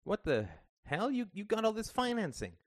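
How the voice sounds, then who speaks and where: A man reading the part of a young adult son, a bass player, guarded and quick to curse. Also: big pitch swings, dry recording, clean studio sound. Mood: wary. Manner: guarded, then cursing.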